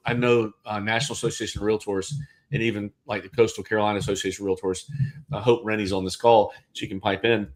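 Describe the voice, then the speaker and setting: A man hosting a casual livestream discussion as a real estate agent, thinking aloud with restarts. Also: on the low side.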